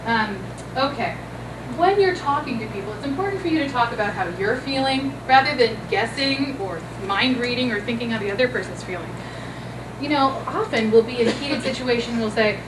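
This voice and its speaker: A woman therapist leading a conference workshop, talking gently and coaching her audience, now and then acting out sweet, loving lines. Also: a little high, animated, brisk. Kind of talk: conference talk with role-play. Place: conference room. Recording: echoey conference room from far off, noisy.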